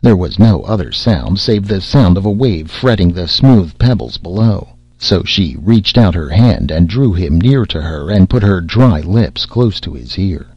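A man narrating an old fairy tale in a measured storytelling manner. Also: low-pitched, lively intonation, breathy edge, no echo. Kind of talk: audiobook narration. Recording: slightly dull lo-fi audio.

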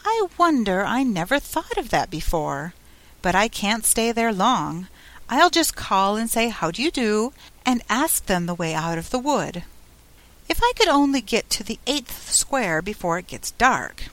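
A woman's voice: mid-range voice, very animated, unhurried, fairly bright tone. A woman voicing a curious young girl who muses aloud and rambles in a storybook reading. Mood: determined. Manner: musing aloud, rambling, eager.

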